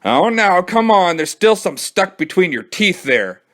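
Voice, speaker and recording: A man's voice: high voice, big pitch swings, measured pace, fairly bright tone, voice pushed up, heavily acted. A man voicing a sulky, scheming young boy in a storybook read-aloud, in a raised voice. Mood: insistent.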